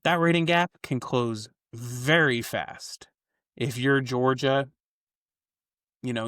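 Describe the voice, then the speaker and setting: A man talks through football rankings in an easy, chatty podcast voice, laying out his reasons one point at a time. His voice sits at an ordinary middle pitch. The sound is close and dry, with no room echo. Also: fairly bright tone. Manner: explains the model's logic at length, builds points step by step. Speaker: co-host of a college football ratings show. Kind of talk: casual podcast chat.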